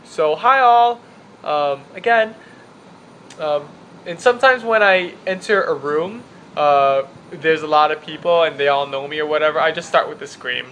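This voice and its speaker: A man's voice: on the high side, moderate pace, fairly bright tone, a little hiss or hum. A young man from the Chicago area with a Chicago accent, chatting casually and rambling through an accent-tag vlog in his apartment. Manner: chatty, rambling, self-deprecating. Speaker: vlogger. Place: apartment room with window open.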